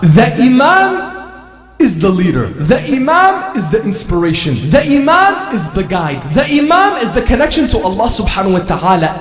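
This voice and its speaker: A man delivering a sermon to a gathering, driving his points home with rhetorical questions and repeated phrases. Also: high-pitched. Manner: rhetorical questions, repetition for emphasis. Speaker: religious speaker. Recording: echoey hall, voice from far off.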